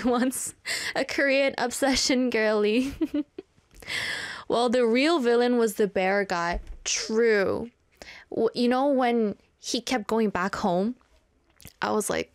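A woman's voice: fairly high pitch, slow pace, no room sound. A woman hosting a radio show in a studio, chatting casually and playfully and reading listener messages with frequent giggles.

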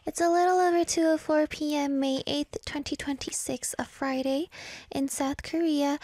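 A woman's voice: darkish tone, dry recording. Sing-song woman radio DJ. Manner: swings pitch between high and low registers, sing-song; drops into a breathy whisper at times. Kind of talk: casual radio chat reading listener comments. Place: broadcast studio in South Korea.

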